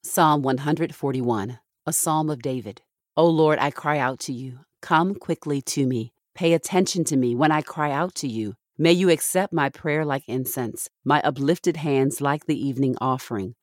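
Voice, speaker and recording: A woman reading Bible passages aloud in a measured, steady way, pausing between verses. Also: low voice, dry recording, clean studio sound. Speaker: scripture reader.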